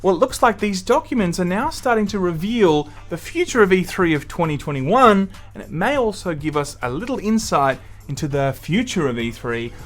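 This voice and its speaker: An Australian man hosting a gaming news show in a lively voice that leaps up and down in pitch. He sits a little high for a man and talks bluntly, with plenty of scorn for his targets. Soft music runs under him. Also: normal speed, hardly any pauses. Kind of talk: opinionated news commentary.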